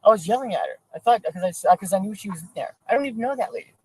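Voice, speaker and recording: A man's voice: high-pitched, animated, rapid-fire. A man being questioned by police outdoors, nervous and rambling, restarting his sentences. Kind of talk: street conversation. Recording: noisy body-camera audio.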